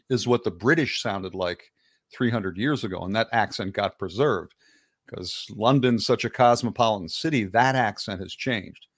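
A man's voice: mid-range voice, no room sound, clean studio sound. A man talking as a guest author in a casual podcast conversation, rambling and digressive with frequent restarts.

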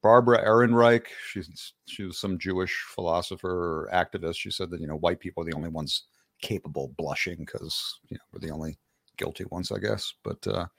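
A man with a fairly low voice, speaking as a guest on a casual podcast. He rambles and digresses, often restarting his sentences. The sound is dry and close to the mic. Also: fairly quick, vocal fry, fairly bright tone, no echo. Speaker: guest author.

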